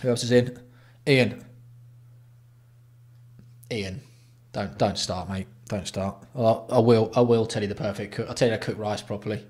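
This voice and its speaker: A man's voice: fairly low pitch, fairly even intonation, normal speed, darkish tone. A man from England hosting a casual livestream, greeting viewers by name with blunt, sweary banter. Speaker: livestream host.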